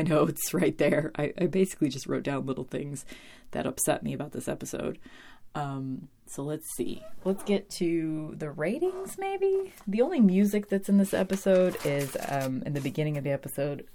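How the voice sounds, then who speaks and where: A woman's voice: low-pitched, animated, moderate pace, mellow, slight background noise. A woman talking in a casual, rambling way, full of fillers and blunt asides, as she reviews a TV episode. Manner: chatty and rambling, with many fillers and cursing asides. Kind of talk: casual chat.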